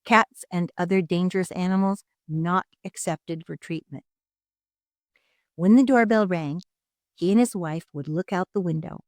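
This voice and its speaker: A woman reading a children's storybook aloud in an expressive, dramatic narrating style. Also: fairly low pitch, dry recording, studio quality.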